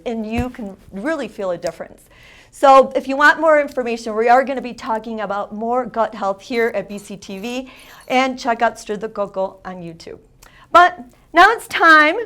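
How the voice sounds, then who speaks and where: A woman hosting a community TV show, giving an upbeat Spanish lesson and drilling phrases with emphatic repetition. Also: on the high side. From Italian heritage. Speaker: show host and Spanish teacher.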